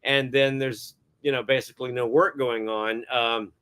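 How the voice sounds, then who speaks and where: A middle-aged man speaks as an interview guest, moving through his stories with plenty of hesitant fillers. His voice sits at an ordinary pitch, and his tone stays casual and chatty. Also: fairly even intonation, normal speed, a bit bright, clear, resonant tone. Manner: rambling, many hesitant fillers, chuckles often. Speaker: guest cinematographer.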